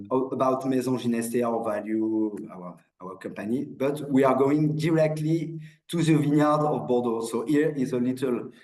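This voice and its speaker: A man's voice: medium pitch, darkish tone, echoey room, low-quality recording. A man with a French accent giving an online wine presentation, hesitant, with many restarts and fillers. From France. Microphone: video call.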